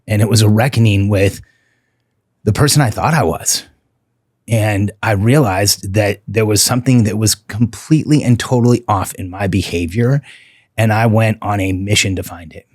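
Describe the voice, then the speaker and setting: A middle-aged man speaks as a podcast guest in a low, husky voice, earnest and heartfelt. He slows down to press on the words that matter. The sound is close and dry, with no room around it. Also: a little mellow, dry recording. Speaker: podcast guest, relationship coach. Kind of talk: candid interview talk.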